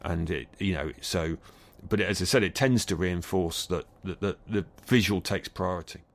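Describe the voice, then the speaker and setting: Thoughtful Bristol-accented man, fairly low voice. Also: moderate pace, vocal fry. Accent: Bristol English. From England. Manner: thoughtful, hesitant with many restarts. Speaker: acoustics scientist guest. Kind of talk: interview answers. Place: recording studio.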